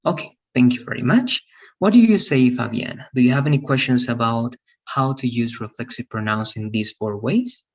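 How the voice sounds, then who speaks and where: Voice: mid-range voice, normal speed, breathy edge. An English teacher giving an online grammar lesson, explaining step by step and often checking if students follow. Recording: distant, dull online class audio.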